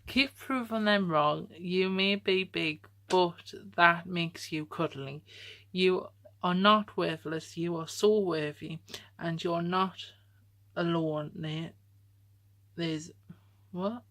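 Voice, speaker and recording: Young woman, lower register, unhurried; casual vlogger reading her own letter aloud, chatty asides and frequent laughs. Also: a bit bright. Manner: reads aloud and comments, laughing often.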